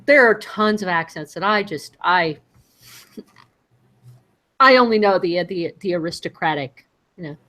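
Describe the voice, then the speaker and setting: A woman's voice: on the low side, measured pace, pauses often. A woman co-hosting a podcast, chatting about a TV show and acting out scenes as she goes. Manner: animated, acts out scenes in quoted voices. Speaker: podcast co-host. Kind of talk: casual chat reviewing a TV show.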